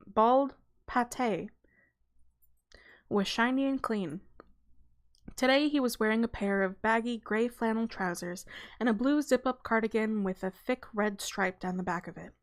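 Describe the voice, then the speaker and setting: A woman's voice: medium pitch, unhurried. Woman casually reading a novel aloud. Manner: relaxed reading with small stumbles and self-corrections; breaks off for a light aside and a laugh.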